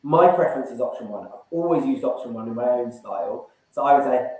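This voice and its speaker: A man's voice: medium pitch, expressive, fairly quick, a little mellow, far from the mic. A man running an online sales training session, coaching and acting out phone call openers. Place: room, online event. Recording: very echoey room.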